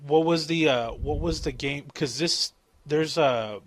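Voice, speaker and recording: A man's voice: on the high side, a little slow. A man in a casual podcast chat who laughs often and swears freely.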